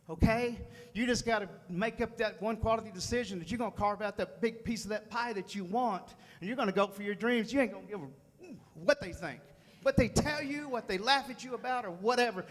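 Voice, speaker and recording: A man's voice: high voice, brisk. A man giving a folksy, fired-up motivational speech to a room at a sales meeting, repeating phrases for emphasis. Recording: long hall reverb.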